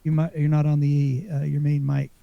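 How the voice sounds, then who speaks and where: A man's voice: a little high, monotone, moderate pace, vocal fry, no echo, muffled recording. A man co-hosting a podcast, chatting casually and rambling about a video game with lots of fillers and restarts. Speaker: podcast co-host. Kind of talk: casual gaming chat.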